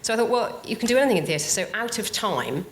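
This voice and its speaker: A woman's voice: medium pitch, lively intonation, fast talker, slight background noise. A woman playwright appearing as a guest on a live podcast, explaining her ideas thoughtfully. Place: live theatre stage.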